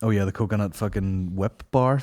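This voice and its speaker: Male podcast host, lowish voice, swears freely, lively casual banter. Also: a little fast. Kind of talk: casual chat.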